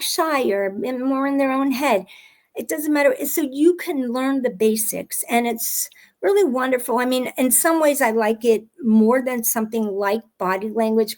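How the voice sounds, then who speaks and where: A woman handwriting expert chatting as an interview guest, telling stories animatedly with frequent restarts. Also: high-pitched. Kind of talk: casual interview chat.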